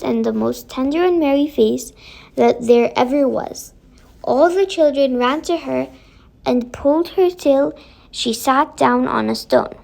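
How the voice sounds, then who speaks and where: High-voiced woman reading a storybook. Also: vocal fry. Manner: careful, expressive reading with occasional self-corrections. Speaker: storybook reader for an English lesson. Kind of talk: read-aloud storybook narration.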